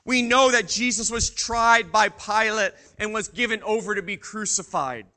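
A man's voice: sits high, normal speed, bright, forceful tone. A male pastor preaching a sermon to his congregation, swelling with emphasis on key phrases.

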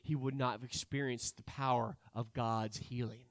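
A man preaching a sermon, acting out Bible characters' lines and swinging between loud and quiet delivery. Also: mid-range voice, steady tone, moderate pace, no echo, studio quality.

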